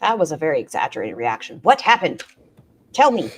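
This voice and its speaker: A woman reacting to clips on a stream, sarcastic and swearing freely, swinging from loud bursts to muttered asides. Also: low-pitched, sing-song, fairly quick, a little hiss or hum. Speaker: commentary streamer.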